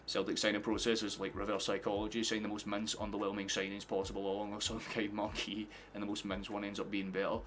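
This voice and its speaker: Talking fast with hardly a pause, a young Scottish man streams his football match reactions in a fairly low voice, chatting to his audience and swearing constantly. He gets excitable and shouts when goals are scored. A slight hiss or hum sits under the audio.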